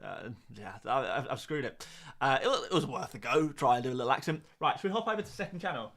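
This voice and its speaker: A man's voice: mid-range voice, animated, fairly bright tone. Chatty man on a live stream. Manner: chatty, self-mocking, quick asides to chat. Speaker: fantasy football streamer. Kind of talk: casual live stream chat. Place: home room.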